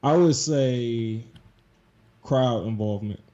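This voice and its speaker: A young man in his twenties from Detroit, chatting in a loose, rambling way full of fillers. His voice is mellow and dark, and the recording sounds dull and lo-fi. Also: mid-range voice, slow pace. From Detroit, USA. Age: 20s. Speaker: podcast guest and game developer. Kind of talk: casual chat.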